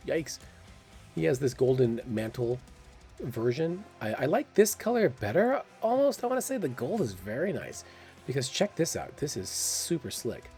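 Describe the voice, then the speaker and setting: A man with a medium-pitched, slightly mellow voice provides casual game commentary for his gaming channel, musing aloud with curiosity and the occasional exclamation.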